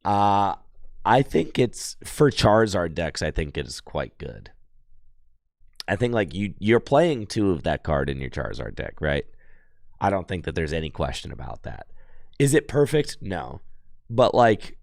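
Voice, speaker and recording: Hoarse deep-voiced man streaming a card game. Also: very animated, measured pace, a little mellow, dry recording, clean studio sound. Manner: chatty, thinks aloud while playing. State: hoarse, losing his voice. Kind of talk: casual live-stream commentary.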